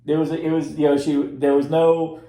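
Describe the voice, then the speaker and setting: Gravelly man rambling in an echoey room. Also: on the high side, little pitch movement, brisk, mellow. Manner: rambling, many restarts. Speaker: podcast co-host reviewing films. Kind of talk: casual chat.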